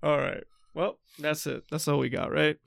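A man's voice: fairly high pitch, steady tone, moderate pace, creaky, fairly bright tone, no echo, clean studio sound. A man in his twenties co-hosting a podcast, chatting casually and thinking aloud in a rambling way. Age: 20s. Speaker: podcast co-host. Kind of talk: casual chat.

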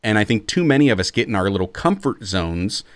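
A man's voice: on the low side, very animated, a little fast, no room sound, studio quality. A man who is a pastor and podcast co-host, talking in an earnest, emphatic, sermon-like way. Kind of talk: podcast conversation.

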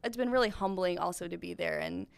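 A woman's voice: lowish voice, fast talker, creaky, smooth, dry recording. A young woman answering interview questions as a church intern, earnest and hesitant, often trailing off.

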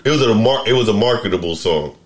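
A man with a very low, deep voice hosts a casual podcast conversation. He rambles and keeps cutting himself off mid-sentence. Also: lively intonation, fast talker. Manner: rambling, self-interrupting, restarts sentences. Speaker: podcast host. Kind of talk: casual chat.

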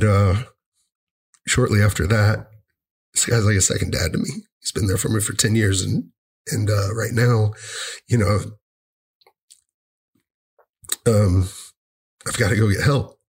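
A man sharing a personal story in an earnest, halting way, often repeating himself. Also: fairly low pitch, husky.

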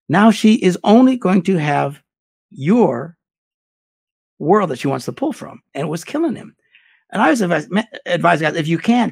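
A man giving blunt, animated relationship advice in a casual chat. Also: high voice, moderate pace, vocal fry, breathy edge.

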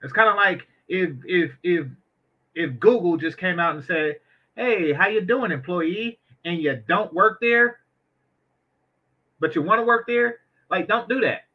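A man's voice: sits high, measured pace, dull audio. A man giving blunt, crude, joking commentary on a clip in casual talk. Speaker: reaction video commentator.

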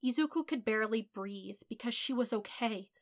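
Soft-spoken woman narrating a story. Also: fairly high pitch, moderate pace. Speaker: podfic reader. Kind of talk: audiobook fan fiction narration.

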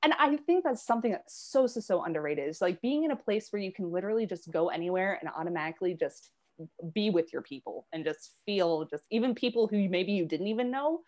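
Young woman guest: reads poetry, then chats loosely, chatty and quick to laugh. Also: mid-range voice, expressive, a little mellow. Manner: laughs often, chatty with many fillers. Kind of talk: poetry reading and casual chat.

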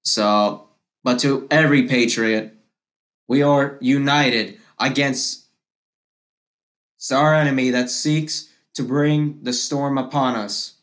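A man hosting his own podcast. He delivers a political monologue at an unhurried, deliberate pace, hammering the same phrases again and again with combative passion. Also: medium pitch, fairly even intonation, a bit bright. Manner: impassioned, repetitive and combative. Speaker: podcast host.

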